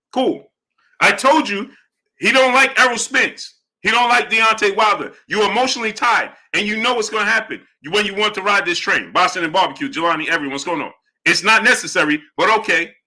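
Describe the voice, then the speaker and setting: Man, live-stream host, combative, bright tone, higher voice. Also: brisk. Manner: combative, challenges chatters, shouts out viewers. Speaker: boxing livestream host. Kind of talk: live-stream chat, reading donations.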